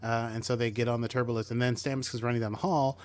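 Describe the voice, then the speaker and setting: A man's voice: medium pitch, little pitch movement, quick pace. A man co-hosting a podcast, chatting casually as he retells a TV episode and acts out bits of the characters' lines. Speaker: podcast co-host. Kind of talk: casual chat recapping a TV episode.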